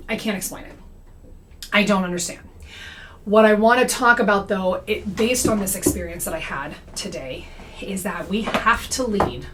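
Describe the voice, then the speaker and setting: A woman's voice: medium pitch, fairly bright tone. A young adult woman giving a casual monologue about comedy and parody, talking conversationally and often checking in with "okay?" and "right?". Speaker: comedy creator and anti-MLM commentator.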